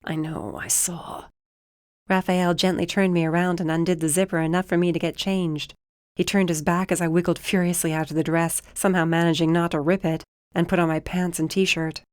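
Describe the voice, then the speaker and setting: A woman reading a first-person audiobook with tense, brisk storytelling into a close studio mic. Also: fairly low pitch, level tone, darkish tone, smooth, no room sound. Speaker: audiobook narrator. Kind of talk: first-person scripted narration.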